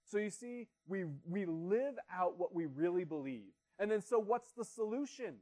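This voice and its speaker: A man's voice: high voice, animated, normal speed, warm tone. A man, a pastor with children, preaching an earnest, conversational sermon full of rhetorical questions.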